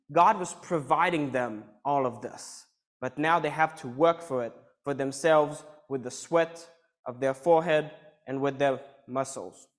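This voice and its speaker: A man preaching a sermon, reading scripture passages and then explaining them in his own words. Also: fairly high pitch.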